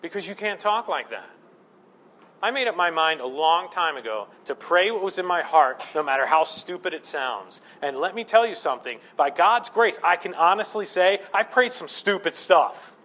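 A man's voice: sits high, expressive, moderate pace, pushed and bright. A man preaching a sermon as pastor, conversational and self-deprecating, building to fervent emphasis.

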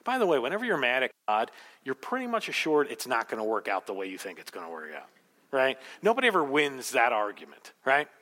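Emphatic preacher with a bright voice. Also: male voice, mid-range voice, brisk, long reverb tail. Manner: emphatic, rhetorical, animated storytelling. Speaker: pastor. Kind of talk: sermon.

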